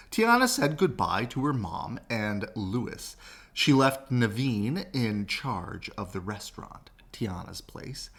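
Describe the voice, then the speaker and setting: A man reading a children's picture book aloud, slow and expressive, with sing-song rises and falls. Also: lowish voice, vocal fry, husky. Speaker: storybook reader.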